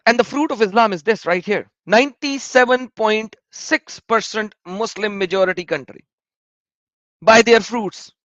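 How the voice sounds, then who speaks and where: A man's voice: high-pitched, a bit bright, no echo, lo-fi sound. A man giving emphatic, repetitive, indignant commentary on a video blog while reading out search results. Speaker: vlogger.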